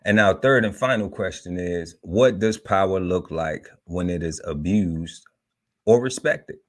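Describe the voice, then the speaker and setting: A man with a very low voice opens and steers a live talk show. He talks in a relaxed, informal way, often restarting his sentences. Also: measured pace. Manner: relaxed, repeats and restarts, leads with set segments. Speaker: podcast host. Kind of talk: casual live podcast hosting.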